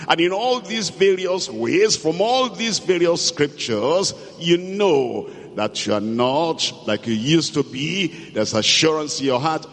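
Male preacher, slightly high voice, slow deliberate emphatic delivery, hall reverb. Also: fairly bright tone. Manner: slow, emphatic, repeats key phrases. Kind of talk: sermon.

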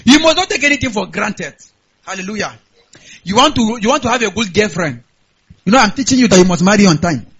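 A Nigerian man preaching a sermon as a pastor, animated and punctuated with hallelujahs. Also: sits high, fast, slightly rough, muffled recording.

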